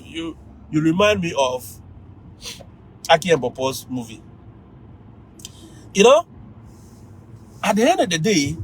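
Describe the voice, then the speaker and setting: A man with a Ghanaian accent, a teacher giving lively advice to fellow teachers on a livestream, often laughing and mimicking students. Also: high voice, slightly rough, poor audio.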